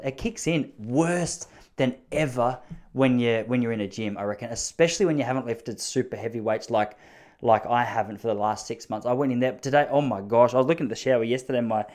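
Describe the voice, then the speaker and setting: A young Australian man talks through a casual solo podcast from his spare room at home. His voice is mid-pitched but very animated, jumping up and down as he rambles. He tells self-mocking stories in a loose, offhand way. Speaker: podcast host.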